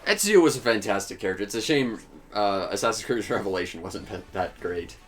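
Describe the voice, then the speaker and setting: Young guy with a lowish voice, laughs a lot while he plays, faint game music behind. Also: animated, a little fast, a bit bright. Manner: laughs often, rambling with restarts. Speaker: let's play host. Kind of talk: casual gaming chat.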